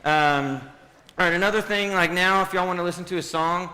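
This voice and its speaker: In a large hall with an audience, a man in his thirties gives a casual youth sermon, cracking jokes and quizzing the crowd. His voice is high-pitched, brisk, bright and forceful, and the recording carries a long hall reverb.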